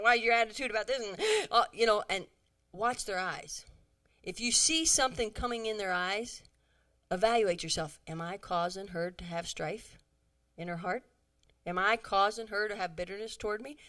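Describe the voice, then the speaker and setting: Bright-voiced animated woman speaker. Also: on the high side. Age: middle-aged. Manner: animated, acts out quoted dialogue, chatty asides. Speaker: women's conference speaker. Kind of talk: humorous talk to a church audience.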